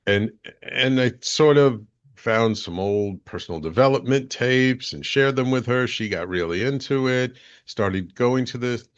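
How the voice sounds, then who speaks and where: A man's voice: mid-range voice, unhurried, highs cut off. A middle-aged man, a business and life coach, earnestly recounting his path as an interview guest and thinking aloud with frequent restarts. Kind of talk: reflective personal storytelling in an interview.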